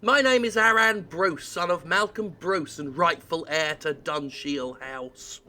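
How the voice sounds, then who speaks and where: A man's voice: fairly high pitch, unhurried, pushed and bright. A man reading the lines of a scheming young heir in a game, with a slight sinister air. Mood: smug.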